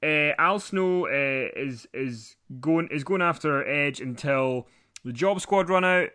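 A man co-hosting a relaxed recap chat, his voice sitting a little high and sounding bright and forward. He rambles through stories with lots of ums and jokes. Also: takes it slowly. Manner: rambling, joking, many fillers. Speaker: podcast co-host. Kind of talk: casual chat recapping wrestling.

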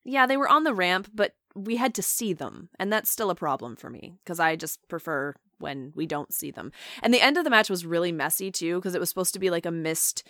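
A woman's voice: fairly low pitch, animated, a little fast, few pauses, sharp tone, dry recording, clean studio sound. A young adult woman co-hosting a casual chat show, talking in a wry, chatty way with lots of asides. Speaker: podcast co-host. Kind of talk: casual chat reviewing wrestling.

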